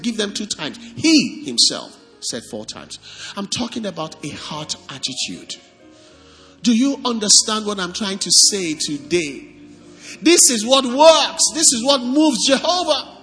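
A man preaching a sermon as pastor, animated and asking the congregation questions. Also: extremely high pitch, long reverb tail.

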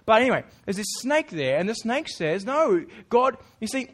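A man's voice: high-pitched, sing-song, moderate pace, few pauses. A man preaching a sermon in a casual, earnest way, with informal asides to the congregation. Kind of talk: conversational sermon.

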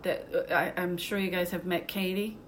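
A woman comedian, telling stories in casual chat, brash and profane, laughing often and dropping into quick impressions. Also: fairly low pitch, fairly even intonation, fairly bright tone, slight background noise. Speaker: comedian guest.

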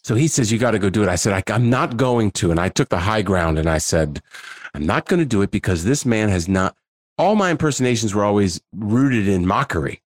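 A man's voice: on the low side, a little fast, no room sound. A man in his forties, a guest in a casual interview, telling stories animatedly and acting out the dialogue. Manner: animated storyteller, acts out dialogue.

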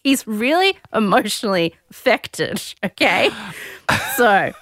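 A woman hosting a casual chat, telling a story in an animated, giggly way. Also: medium pitch, slow pace, no room sound. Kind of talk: casual chat recapping a reality show.

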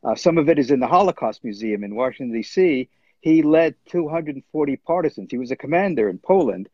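A man in his seventies, a professor and economist, answering interview questions over a video call in a measured, hesitant way. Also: medium pitch, animated, mellow, dry recording. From born in Germany, raised in New Jersey. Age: 70s. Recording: dull, dry video call audio.

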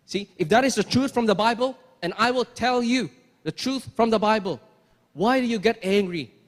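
A man with a very high voice preaches a sermon in a large hall with a long, ringing reverb. He is emphatic, circles back on his own phrases and keeps asking the congregation rhetorical questions. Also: moderate pace.

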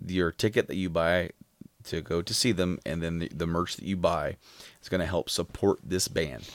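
Man, very deep voice, casual chat, rambling with fillers, dry sound. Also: moderate pace, dry recording. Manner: rambling, filler-heavy recounting.

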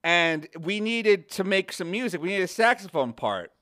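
A man with a high, bright voice that swings all over the place as he talks. He tells rambling comic stories in casual podcast chat, swears freely and breaks into mocking voices. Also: moderate pace. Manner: rambling, animated storytelling with swearing and mock voices. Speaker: podcast guest, comedian.

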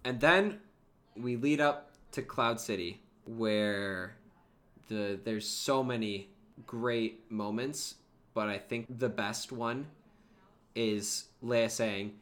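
A man's voice: fairly low pitch, slow, fairly bright tone. A man co-hosting a podcast, chatting casually and enthusiastically, breaking into quoted lines as he retells scenes. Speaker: podcast co-host. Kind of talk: casual fan podcast chat.

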